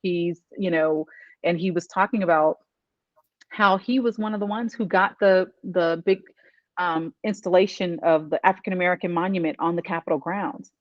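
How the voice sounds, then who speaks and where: A man's voice: high-pitched, fairly even intonation, a little fast, no room sound, highs cut off. A man hosting an interview, talking casually with lots of you-knows and restarts. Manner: rambling with many fillers and restarts. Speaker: interview host, event organizer.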